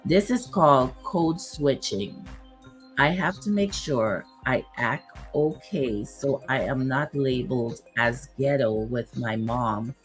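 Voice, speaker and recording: A woman's voice: rumbling low, takes it slowly, soft background music, poor audio. A woman hosting a casual livestream, chatting with viewers and reading aloud with many fillers, her voice a bit worn. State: losing her voice. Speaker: YouTube livestream host.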